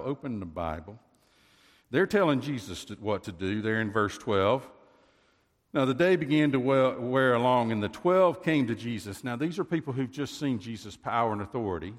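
A male preacher delivering a sermon that is chatty one moment and booming the next. His mid-pitched voice carries a long reverb from a large hall. He drops low for asides, then lifts to loud emphasis. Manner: conversational preaching with sudden loud swells and quiet asides. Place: church sanctuary.

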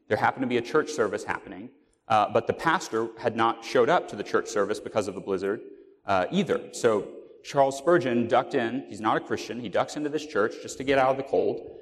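A man preaching in an earnest, storytelling way, pausing on fillers and starting phrases over. His voice sits at an ordinary middle pitch. A long reverb trails behind his words, as if he were in a church sanctuary. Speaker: pastor. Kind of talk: sermon.

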